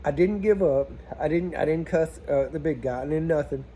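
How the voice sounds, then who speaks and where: A man telling a plumbing job story in a casual vlog, animated and swearing freely as he talks to his viewers. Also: a little high, normal speed, a little hiss or hum.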